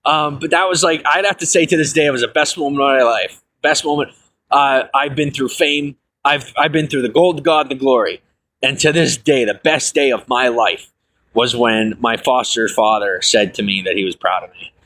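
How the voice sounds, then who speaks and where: Speaking at a normal speed, a man in his thirties shares his life story with livestream viewers in a casual, rambling way. He uses fillers, corrects himself, laughs things off, and his voice leaps higher when he's excited.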